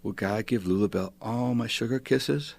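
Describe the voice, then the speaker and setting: A man's voice: medium pitch, moderate pace, vocal fry, darkish tone. A man reading aloud, voicing a small child who asks worried questions about a lost dog. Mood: worried, curious. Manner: eager, plaintive questions. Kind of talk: reading a poem aloud on radio.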